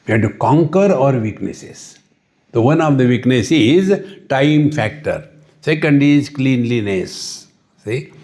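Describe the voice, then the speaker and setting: A man with an Indian English accent giving a spiritual discourse at a retreat, unhurried, often asking "See?" and chanting Sanskrit verses. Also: medium pitch, lively intonation, darkish tone. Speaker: spiritual teacher. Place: retreat hall.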